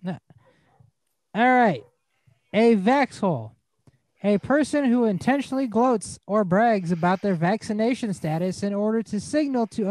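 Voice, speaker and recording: Male co-host, animated, mock-serious reader. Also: high voice, no room sound, rough recording. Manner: reads aloud in a mock-serious voice. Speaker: podcast co-host. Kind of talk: casual comedic podcast banter.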